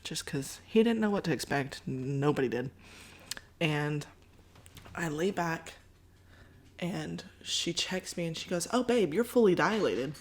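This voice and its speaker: A woman, a podcast host telling a story in a casual, animated way and acting out other people's lines. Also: sits low, moderate pace. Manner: animated, voices others in quotes, Southern-style "y'all".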